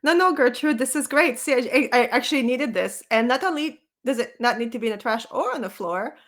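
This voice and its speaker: A woman's voice: on the high side, a little fast, pitched above the performer's own voice. A woman voicing an eager, upbeat character in a tabletop game, speaking emphatically. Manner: excited, emphatic.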